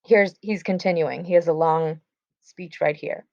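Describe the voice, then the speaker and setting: Woman teacher with a slightly low voice, chatty and casual, reading aloud and explaining, dull dry recording. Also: steady tone, measured pace, creaky, darkish tone, no echo. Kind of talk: classroom lesson, reading and paraphrasing a play.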